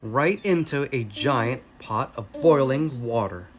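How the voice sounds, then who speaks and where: A man with an American accent reading a children's story aloud in a slow, expressive way. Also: mid-range voice.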